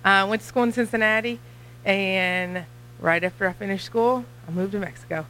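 A young woman with a Kentucky accent giving a church mission talk, chatty and nervous, talking fast. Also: medium pitch, fairly bright tone, low-quality recording. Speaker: missionary guest speaker.

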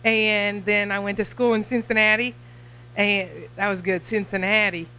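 A young woman with a Kentucky accent giving a church mission talk, chatty and nervous, talking fast. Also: mid-range voice, little pitch movement, sharp tone, smooth, rough recording. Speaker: missionary guest speaker.

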